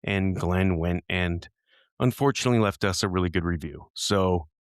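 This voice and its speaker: Male podcast co-host, low voice, dry close sound, rambling casual chat, quick to laugh. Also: no echo. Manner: chatty, rambling, laughs easily.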